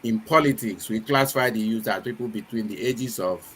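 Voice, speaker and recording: A man hosting a live studio talk show, speaking in a measured way and posing long strings of rhetorical questions. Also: on the low side, a bit bright, a little hiss or hum.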